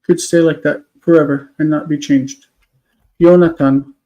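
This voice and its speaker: A man with a fairly high but mellow voice teaches on a live stream. He explains patiently, step by step, pausing on fillers as he thinks aloud. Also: steady tone, lo-fi sound. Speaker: Hebrew teacher.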